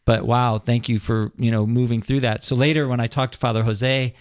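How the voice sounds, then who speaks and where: Man, earnest animated storyteller, talk show guest, dry close sound. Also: medium pitch, fairly quick, clean tone, no room sound.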